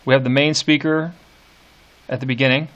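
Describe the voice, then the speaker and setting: A middle-aged man teaching literature, reading poetry aloud slowly and annotating it, with hesitant fillers. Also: medium pitch, steady tone, a bit bright, lo-fi sound. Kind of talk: lecture with poem reading.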